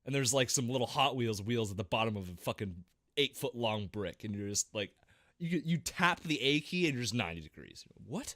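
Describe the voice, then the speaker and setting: A man on a gaming podcast, talking into a close mic with a bright, sharp edge to his voice. His pitch leaps all over the place as he spins animated, swear-filled stories. The sound is dry and close. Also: fairly quick, no echo. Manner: animated storytelling, swears constantly. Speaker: podcast co-host. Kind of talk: casual gaming podcast chat.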